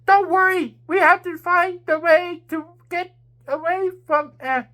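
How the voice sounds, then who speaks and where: A woman's voice: very high-pitched, fairly even intonation, a little slow, a bit bright, pitched above the performer's own voice. A woman doing an urgent young queen.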